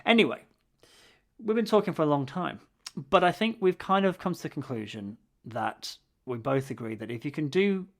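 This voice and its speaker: A man's voice: a little high, expressive, moderate pace. A man co-hosting a podcast in casual chat, with wry, grumbling humor and frequent restarts. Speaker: podcast co-host.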